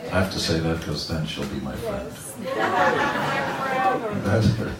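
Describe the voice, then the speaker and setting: Amid a loud crowd and heavy background noise, a musician in his sixties with a rumbling low voice unhurriedly spins blunt, joking stories with crude asides between guitar chords. It's casual live storytelling for fans in an event room, recorded roomily on a distant mic with the guitar.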